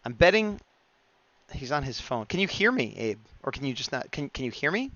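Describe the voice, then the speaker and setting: A man's voice: medium pitch, expressive, fairly quick, a bit bright, dull audio. A man streaming live as he draws, chatting casually and muttering to himself as he works. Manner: chatty, mumbles to himself, reads chat aloud. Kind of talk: casual live-stream chat while drawing.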